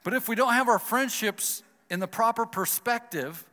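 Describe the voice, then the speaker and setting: At normal speed and an extremely high pitch, a man animatedly relates a personal story with a moral, acting out what he was thinking. The audio carries a long hall reverb.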